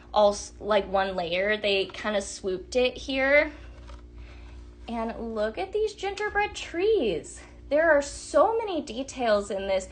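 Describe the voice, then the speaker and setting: A young woman with a bright, forward voice gushes through a casual live sales stream. She talks warmly to viewers, full of little fillers, and pitches a touch high for a woman. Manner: chatty, gushing, reads viewer comments aloud. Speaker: livestream sales host. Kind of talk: casual live shopping demo.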